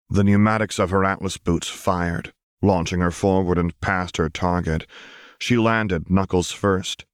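Deep-voiced man narrating a story. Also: no room sound, clean studio sound. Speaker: audiobook narrator. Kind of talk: scripted fiction narration.

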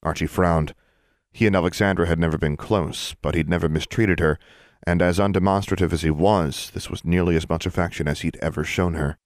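A man calmly narrating an audiobook in an even, measured way. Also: deep voice, no room sound, studio quality. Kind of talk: scripted narration.

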